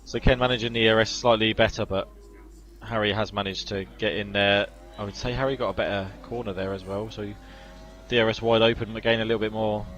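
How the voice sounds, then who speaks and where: A man's voice: on the low side, fast talker, highs cut off. Chatty male sim racing commentator. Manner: chatty, analytical, excited on incidents. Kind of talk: live esports race commentary.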